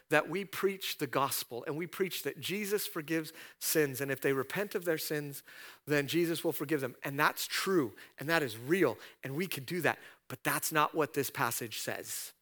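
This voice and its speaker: A man preaching a sermon in a bright, forceful voice that sits a little high. He retells scripture scenes like stories and drives his points home with emphatic repeated questions. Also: moderate pace. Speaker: pastor.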